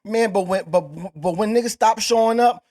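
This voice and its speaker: A man from the United States hosts a podcast and argues hard, pressing his points with profane, emphatic bursts. His voice sits high for a man. He drives each line home with swelling force. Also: moderate pace, warm tone. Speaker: podcast host. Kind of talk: heated podcast debate.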